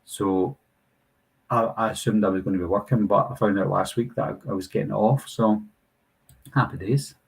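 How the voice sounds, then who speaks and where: Husky British man chatting on a stream. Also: lowish voice, fairly even intonation, normal speed, low-quality recording. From United Kingdom. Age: 30s. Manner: chatty, reads viewer comments aloud and answers them. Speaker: host of a live Q&A stream. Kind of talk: casual live-stream chat reading comments.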